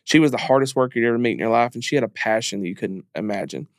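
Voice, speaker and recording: A man's voice: mid-range voice, rapid-fire, creaky, no room sound, clean studio sound. A man speaking as a podcast guest in a candid interview, earnest and emphatic, repeating phrases as he talks openly about grief.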